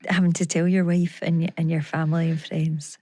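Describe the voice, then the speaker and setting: A woman hosting an interview, giving short encouraging replies and asking gentle questions. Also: sits low, flat delivery, fairly quick, no room sound, clean studio sound. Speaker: podcast host. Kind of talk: supportive interview.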